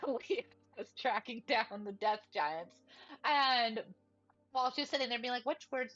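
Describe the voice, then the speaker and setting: A woman's voice: high voice, a bit bright. A woman casually recapping a tabletop game session, chatty and giggly, quoting the characters as she goes. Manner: chatty, giggly, lots of fillers and quoted dialogue. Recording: dull lo-fi mic with faint music.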